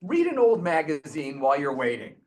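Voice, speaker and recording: A man's voice: fairly high pitch, sing-song, a little fast, darkish tone. A man voicing God as a patient, matter-of-fact male figure in a retold story. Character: calm, unhurried God, male.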